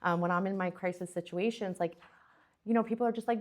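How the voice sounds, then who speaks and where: A young adult woman with a slightly low voice gives a conference talk. She speaks casually, and her sentences are full of fillers, restarts and quick asides to her listeners. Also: fairly even intonation. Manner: chatty, many fillers and restarts. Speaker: presenter.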